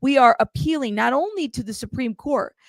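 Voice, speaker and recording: A chatty woman hosts a casual live news commentary, reading out viewer comments with a playful, laughing manner. Her voice sits a little high and has a gravelly edge. The recording is dry and close. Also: animated, a little fast, dry recording. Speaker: host of a news commentary livestream.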